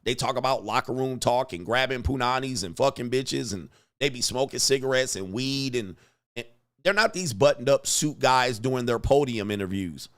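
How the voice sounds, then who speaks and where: A man hosting a commentary vlog, talking in a profane, animated way and acting out quotes. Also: medium pitch, normal speed. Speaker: host.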